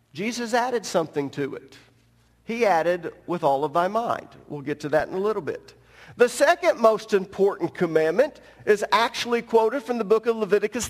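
A man's voice: high-pitched, long reverb tail. A pastor preaching a sermon from the pulpit, teaching emphatically and speaking straight to his congregation. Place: church sanctuary at the pulpit.

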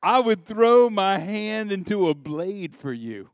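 A man's voice: a little high, lively intonation, moderate pace, smooth, dry recording, lightly acted. A man playing a needy, overdramatic young man who pleads for love, with a dry close sound. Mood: pleading. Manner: melodramatic, pleading.

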